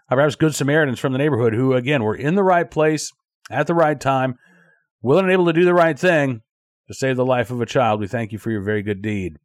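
A man's voice: medium pitch, no room sound, studio quality. A man hosting a daily news commentary show, talking conversationally with frequent fillers and restarts.

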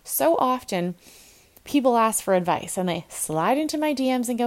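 A woman's voice: fairly high pitch, animated, normal speed. A woman who works as a nutrition coach and hosts a podcast, giving a blunt, tough-love motivational talk in a casual, direct way.

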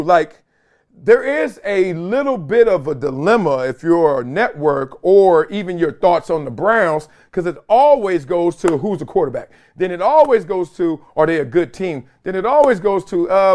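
A middle-aged man hosting a sports talk show, giving casual, animated commentary and acting out other voices in quoted bits. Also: fairly high pitch. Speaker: show host.

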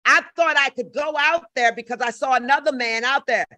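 A woman's voice: sits high, fairly quick, no room sound. Brash, profane older woman storyteller. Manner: profane, loud and animated storyteller. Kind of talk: casual storytelling chat.

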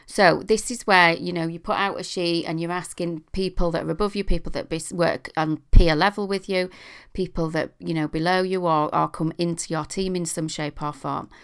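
A woman's voice: lowish voice, steady tone, moderate pace, clear, resonant tone. A middle-aged British woman hosting a podcast, talking casually and chattily with a self-deprecating sense of humour. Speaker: podcast host.

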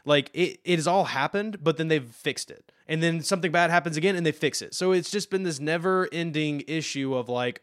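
A man in casual chat who explains comic lore with enthusiasm, often trailing off quietly. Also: a little high, fairly quick, hardly any pauses, smooth, no room sound, clean studio sound. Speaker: podcast co-host explaining comics.

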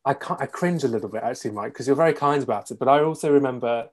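A young man, a conductor, chatting as a podcast guest with easy enthusiasm. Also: medium pitch. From England. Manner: quick, enthusiastic, laughing easily. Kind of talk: casual interview chat.

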